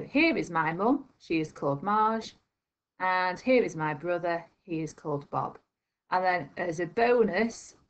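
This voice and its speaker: A woman teaching a recorded primary school video lesson, explaining slowly and carefully and spelling out each phrase. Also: mid-range voice.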